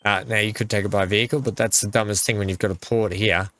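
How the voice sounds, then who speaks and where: A man narrates his game session in a casual, chatty way, scolding and cheering the vehicles on screen. His voice sits low but has a bright, forceful edge. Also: steady tone, quick pace, no echo. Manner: chatty, talks to the game's vehicles. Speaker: gaming channel host. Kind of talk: let's play commentary.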